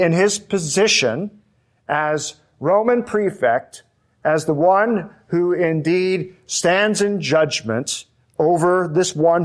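A man preaching an expository sermon, slow and emphatic, repeating key phrases for weight. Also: fairly high pitch.

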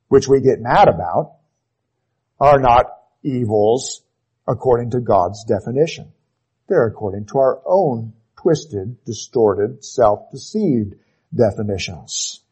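Slow, husky male preacher. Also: warm tone, low-quality recording. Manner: emphatic, repeats key phrases, drops to low intensity on closing words. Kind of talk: sermon.

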